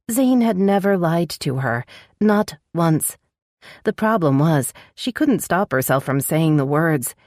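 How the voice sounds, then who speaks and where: A woman narrating a romance audiobook in an expressive, scripted style, close to the mic. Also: no echo. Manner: expressive, voices dialogue with sharp pitch jumps.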